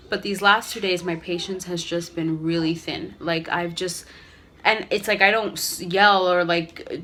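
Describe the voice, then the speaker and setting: Candid rambling mom vlogger. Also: female voice, on the low side, pushed and bright. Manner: rambling, candid, many fillers. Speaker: vlogger, mother. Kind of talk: casual talk to camera. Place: home living room.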